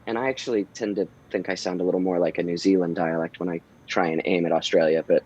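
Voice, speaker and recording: A relaxed man with a lowish voice talks through his work in a loose, meandering way, full of ums and false starts. The sound is a bit muffled and dull, like a lo-fi remote call. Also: fast, hardly any pauses, breathy edge. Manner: relaxed, rambling, many "um"s and restarts. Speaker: voice actor guest. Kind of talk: casual interview chat. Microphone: home recording booth.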